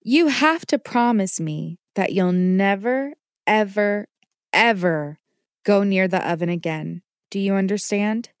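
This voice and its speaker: A woman's voice: mid-range voice, a little slow, clear, resonant tone, no room sound, studio quality, close to an everyday voice. A woman voicing a patient, caring mother who teaches her child kitchen safety. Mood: warm. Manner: patient and instructive. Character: gentle, safety-minded mother.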